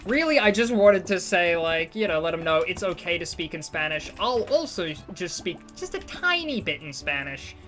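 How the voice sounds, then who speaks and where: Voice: medium pitch, sing-song, moderate pace, few pauses, a bit bright, faint music behind. A streamer chatting casually and rambling while playing a game, self-deprecating and often restarting sentences. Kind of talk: casual live-stream chat while gaming.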